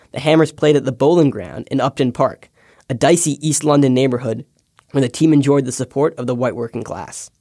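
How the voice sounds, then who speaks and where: A man's voice: mid-range voice, a little mellow, dry recording. A young man from the United States reads his own essay with a wry, storytelling touch. His voice sits in a middle range and is recorded close and dry, with no room sound around it. The delivery is scripted but personal. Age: young adult. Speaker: podcast intern.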